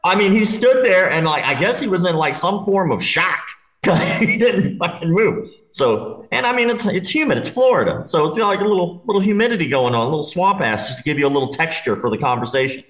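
A man's voice: high voice, brisk. A man casually telling a long, profane party story, laughing as he goes. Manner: animated, swearing, laughing while telling a story. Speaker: podcast guest. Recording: roomy echo.

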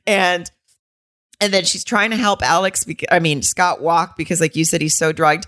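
A woman's voice: on the low side, moderate pace, no echo, studio quality. A woman co-hosting a podcast, chatting casually and acting out lines while recapping a movie. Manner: animated storytelling, acting out quotes. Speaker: podcast co-host.

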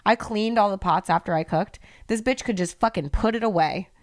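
A woman's voice: mid-range voice, brisk. A woman co-hosting a podcast, ranting heatedly and swearing freely in casual chat. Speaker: podcast co-host.

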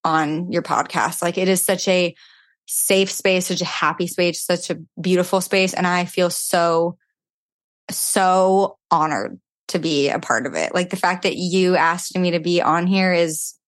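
A woman's voice: fairly low pitch, fairly even intonation, a little slow, dry recording. A young woman, a podcast guest and fitness influencer, talking in casual chat and filling her sentences with "like". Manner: chatty, heavy use of filler "like".

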